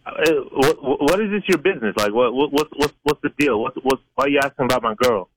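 A man's voice: mid-range voice, fast. A man on the receiving end of a prank call, stammering, defensive and cursing. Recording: phone line with clicks and static.

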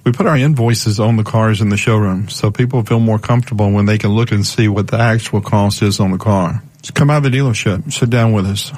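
A man's voice: fairly low pitch, a little mellow, poor audio. A man from a car dealership explaining his business in an earnest, conversational way in a radio studio. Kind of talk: conversational interview pitch.

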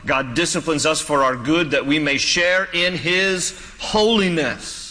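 Man, pastor, sermon, bright tense tone, long hall reverb. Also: a little high, measured pace. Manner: folksy, joking asides with frequent restarts.

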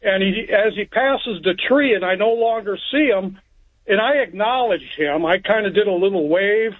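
A male caller heard over a tinny phone line, his voice high for a man. He tells his story in a plainspoken, rambling way and restarts his sentences. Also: moderate pace. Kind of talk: telling a story on a call-in show. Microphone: telephone.

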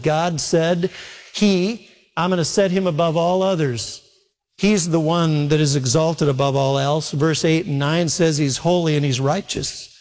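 A man preaching a sermon in a fairly high voice. He keeps asking questions and answering them himself. He drops in a teasing aside about his wife now and then. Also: in a large hall. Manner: preaching, animated, asks questions. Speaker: pastor.

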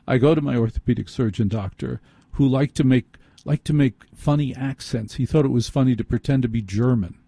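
A man's voice: medium pitch, mellow, breathy edge, no room sound. A man hosting a late-night call-in radio show, telling a self-deprecating story into a studio microphone.

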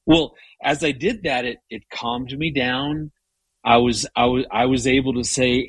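A middle-aged man telling a story in a casual conversation, animated and full of restarts. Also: mid-range voice, normal speed, husky, no room sound. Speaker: guest.

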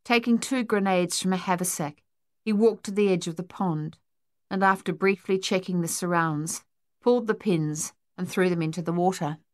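Female audiobook narrator, low voice, measured, dry close read. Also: dry recording. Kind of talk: scripted narration.

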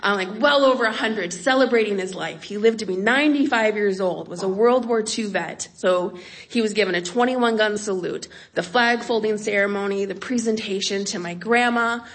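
A woman's voice: medium pitch, moderate pace. Wry woman telling a story on stage. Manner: lively, wry comic timing.

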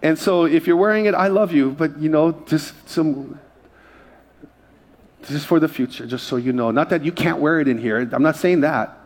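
A man preaching a conversational sermon from a church stage, dropping into quiet asides and rising into loud, excited storytelling. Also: a little high, moderate pace. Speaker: pastor.

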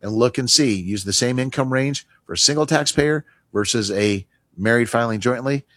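Husky-voiced male talk radio host. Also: medium pitch, normal speed, a bit bright, no echo. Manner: conversational, emphatic, drops voice for asides. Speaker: radio show host, retirement tax advisor. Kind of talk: talk radio advice segment.

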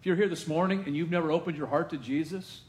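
A man pastor delivers a sermon in a church sanctuary, his voice sitting a little high for a man. He preaches in a chatty, conversational way, tossing asides to the congregation. The room around him is echoey. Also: fast, a little mellow.

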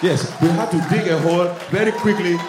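Deadpan man in an echoey, noisy room. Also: high-pitched, brisk, a loud crowd. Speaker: comedian. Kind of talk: comedy sketch banter.

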